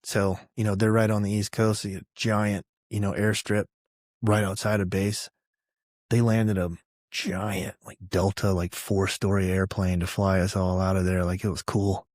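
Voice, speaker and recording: A man's voice: fairly low pitch, flat delivery, a little slow, darkish tone, no echo. Thirties guy from georgia, vet telling war stories, chill and swearing a lot, laughs easy, dry mic. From Georgia, USA. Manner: laid-back, profane, laughs often. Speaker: guest, army veteran. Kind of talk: casual interview storytelling.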